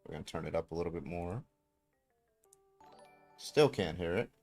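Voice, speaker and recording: A man hosting a livestream, chatting casually and swearing freely, with sudden loud outbursts. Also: low voice, expressive, normal speed, vocal fry. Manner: profane, talks through tech setup with sudden loud outbursts. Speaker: livestream host. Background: faint music.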